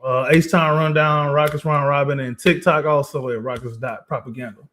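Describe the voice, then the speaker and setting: A man's voice: fairly high pitch, steady tone, normal speed, a bit bright. A man co-hosting a casual sports podcast, arguing emphatically with rhetorical questions and frequent laughter. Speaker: podcast co-host.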